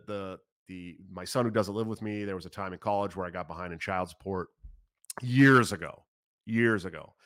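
A man in his thirties telling a long story in a casual, profane, animated way, talking fast and often swearing. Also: on the low side, no room sound, clean studio sound. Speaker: political candidate.

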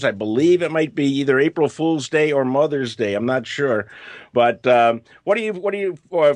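A man's voice: on the high side, no room sound, clean studio sound. A man hosting a comedy news podcast, telling odd stories with chuckles and stumbling restarts. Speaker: podcast host.

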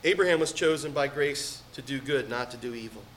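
A middle-aged pastor preaches a sermon, alternating loud, emphatic peaks with quiet asides. His mid-range voice moves briskly, with slight background noise.

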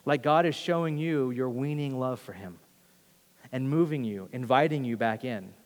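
A man preaching a sermon, earnestly shifting between hushed and forceful emphasis. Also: medium pitch, normal speed, big-room sound. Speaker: pastor.

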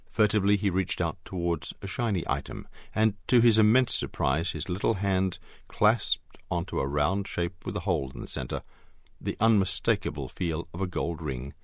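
Give me a low-voiced man narrating a novel in a measured, expressive way. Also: no echo, studio quality. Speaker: audiobook narrator. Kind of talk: scripted narration.

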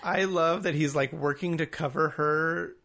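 A man's voice: fairly high pitch, fairly even intonation, a little slow, creaky, bright, forceful tone. A man co-hosting a podcast, recapping a movie in casual chat and laughing often as he talks. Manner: laughs often, chuckling through his recap. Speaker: podcast co-host.

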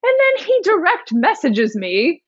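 Young woman, animated storyteller, highish voice, dry dull sound. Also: a little slow, dry recording. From Indiana. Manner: animated storyteller, acts out quoted voices, laughs often. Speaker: podcast guest, songwriter and rapper. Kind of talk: casual storytelling chat.

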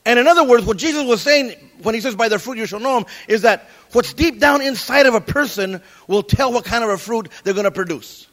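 A middle-aged man preaching a sermon as pastor, animated, quoting scripture and cracking jokes. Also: extremely high pitch, a little fast, few pauses.

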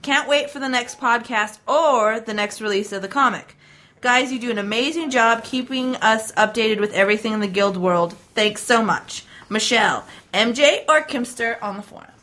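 Woman, podcast co-host, fairly high, very bright voice, bubbly, laughs a lot. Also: normal speed. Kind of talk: casual chat, reading listener emails.

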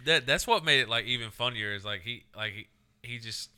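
A man co-hosting a casual chat podcast, telling animated stories, mimicking friends and swearing freely. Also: medium pitch, fairly quick, clear, resonant tone. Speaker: podcast co-host.

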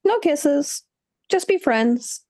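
A woman co-hosting a book review chat, talking casually and acting out her reactions with quick put-on voices. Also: high-pitched, lively intonation, a little mellow. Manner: chatty, acts out reactions in quoted voices. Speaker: book podcast co-host.

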